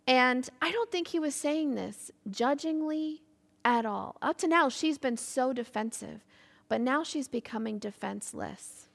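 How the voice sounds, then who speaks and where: Animated woman preacher, gravelly voice. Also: high-pitched, measured pace. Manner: animated, with laughs and acted quotes. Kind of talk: sermon. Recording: echoey hall with long reverb.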